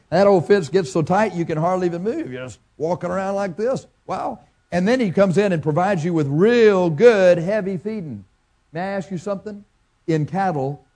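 Pastor, male, preaching. Folksy, asks the room questions, mellow tone. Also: a little high. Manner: farm analogies. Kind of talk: sermon.

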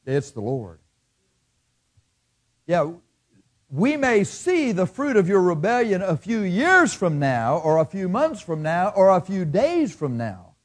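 A middle-aged man preaching a sermon, swinging between loud bursts and hushed asides and acting out the voices of his listeners. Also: high voice, very animated, a little slow. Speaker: pastor.

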